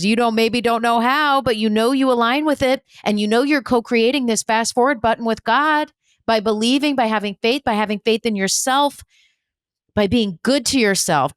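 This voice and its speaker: With a clear, resonant, mid-range voice, a spiritual medium and podcast host gives a motivational talk that's emphatic and repetitive. She swears bluntly and mixes in humor, and the recording is dry and studio quality.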